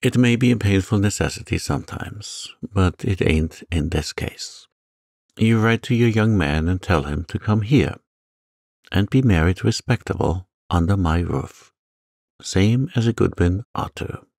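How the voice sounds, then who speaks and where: A man voicing a sharp-tongued elderly country aunt who speaks in a dry, plain, matter-of-fact way. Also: deep voice, measured pace, gravelly, no room sound, exaggerated voice. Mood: blunt.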